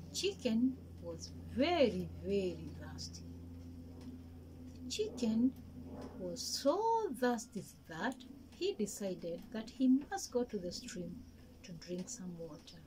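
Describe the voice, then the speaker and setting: A woman telling a story to young children in a gentle, slow, sing-song way, with lots of repetition. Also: medium pitch, big pitch swings, background noise. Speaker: kindergarten storyteller.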